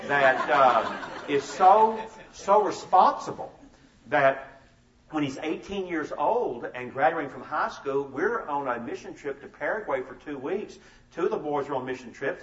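A middle-aged man speaking at a family seminar, telling stories about his sons and acting out their conversations with laughter. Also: fairly high pitch. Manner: animated storyteller, acts out family dialogue with laughs. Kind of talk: storytelling talk to an audience. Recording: roomy, distant, slightly dull sound.

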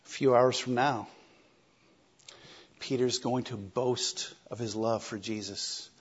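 A man preaching a sermon in a conversational, animated way, acting out quoted lines. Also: mid-range voice, takes it slowly, slightly rough, highs cut off.

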